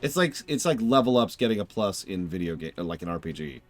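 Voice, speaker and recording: A man's voice: low-pitched, very animated, brisk, soft background music. A man streaming a game, chatting casually and rambling, correcting himself as he goes. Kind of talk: casual gameplay commentary.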